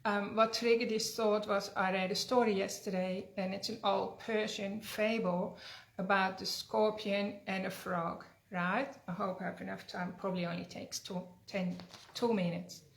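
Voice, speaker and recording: A woman's voice: mid-range voice, flat delivery, normal speed, vocal fry. A woman energy healer giving a conversational teaching talk, earnest and often checking in with "right?". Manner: earnest, conversational, frequent tag questions. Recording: echoey room.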